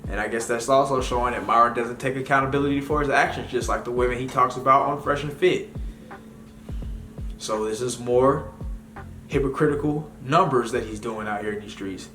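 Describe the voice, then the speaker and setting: A man's voice: mid-range voice, a little fast, fairly bright tone. Rambling, slangy male vlogger. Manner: rambling, slangy, many fillers. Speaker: commentary vlogger. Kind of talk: casual commentary. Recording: echoey room with faint music.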